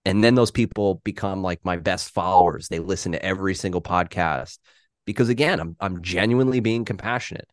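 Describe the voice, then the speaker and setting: A man's voice: low-pitched, fairly quick, no echo, clean studio sound. A man talking candidly on a podcast, self-deprecating and casual, with frequent restarts.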